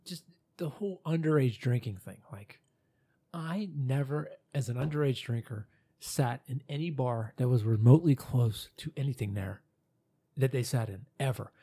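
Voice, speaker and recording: Blunt, profane male podcast co-host, husky and mellow. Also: medium pitch, lively intonation, normal speed. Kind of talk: casual chat.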